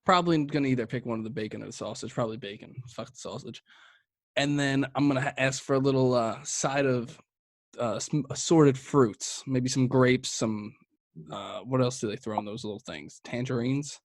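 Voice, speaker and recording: A man's voice: medium pitch, normal speed, no echo. A young man co-hosting a beer review podcast, chatting casually with crude, joking banter. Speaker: podcast co-host reviewing beers. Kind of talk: casual chat.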